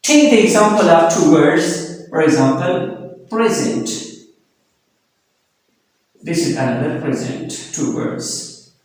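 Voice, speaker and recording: Slow high-voiced male lecturer in echoey room. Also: expressive, darkish tone. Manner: slow, explanatory, with frequent fillers. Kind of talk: recorded lecture. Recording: very echoey long-reverb room.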